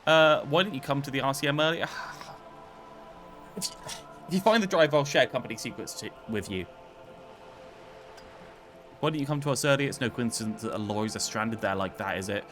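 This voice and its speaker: Chatty bright-voiced man commentating a game. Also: medium pitch, animated, a little fast, long pauses, faint music behind. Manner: chatty, wry, reads game dialogue aloud. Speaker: gaming channel host. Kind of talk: casual gameplay commentary.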